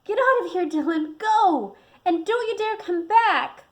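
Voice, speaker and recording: Storybook cat girl, fierce and shrill, read by a woman author. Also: animated, unhurried. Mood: fierce shouting. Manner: shouting commands, then startled inner thoughts.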